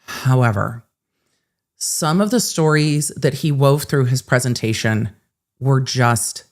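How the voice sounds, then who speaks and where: A woman host telling a personal story in casual livestream chat, animated and self-mocking, with some swearing. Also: rumbling low, slow pace.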